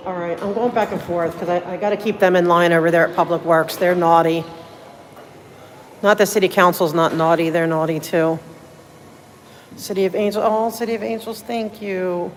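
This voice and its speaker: Tired streamer, easygoing live chat, rambling and thankful, middling pitch, a faint hiss of noise behind. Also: long reverb tail. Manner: chatty, rambling, full of fillers and thanks. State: tired, running on little sleep. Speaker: livestreamer at a public meeting. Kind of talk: casual live chat with viewers. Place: city hall building, indoors.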